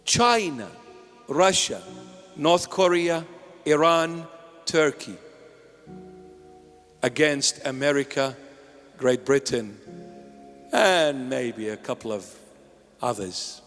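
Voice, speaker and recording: A man's voice: medium pitch, takes it slowly, long pauses, a bit bright. A man preaching a sermon as a bishop, impassioned and pleading, with joking asides. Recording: long hall reverb with faint music.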